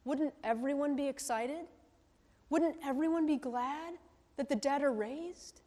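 A woman's voice: sits high, unhurried, dark tone. A woman pastor giving a conversational sermon, often checking in with the congregation with tag questions like a teacher. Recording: long reverb of a large hall.

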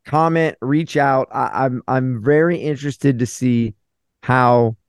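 A man's voice: medium pitch, slow, smooth, dry recording, studio quality. A man co-hosting a casual podcast, earnestly inviting listeners to share their views. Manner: earnest, asks listeners to weigh in. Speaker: podcast co-host. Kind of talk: casual chat.

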